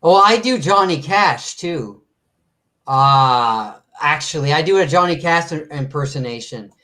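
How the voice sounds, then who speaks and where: A man guesting on a livestream, chatting casually in a halting way. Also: fairly high pitch, expressive, bright, forceful tone. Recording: roomy, away from the mic.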